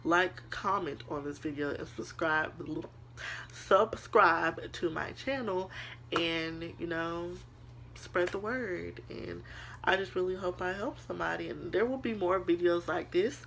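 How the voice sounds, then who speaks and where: A young woman talks straight to her viewers like a big sister, earnest and a little preachy, calling them girl and honey. Her voice is bright with a gravelly edge. Faint noise hums behind her. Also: fairly low pitch, unhurried. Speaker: vlogger. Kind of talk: casual motivational talk to camera.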